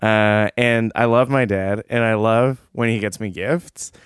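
A man co-hosting a podcast, telling a story in a relaxed, giggly way with lots of fillers. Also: fairly low pitch, a little slow, smooth, no room sound, clean studio sound. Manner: laid-back, giggly storyteller with many fillers. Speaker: podcast co-host. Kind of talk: casual chat.

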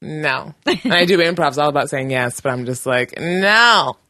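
A woman with a low voice tells a comic story from her job in relaxed chat. She acts out the people she quotes and laughs along the way. The sound is dry and close. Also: normal speed, dry recording. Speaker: podcast guest telling a work story.

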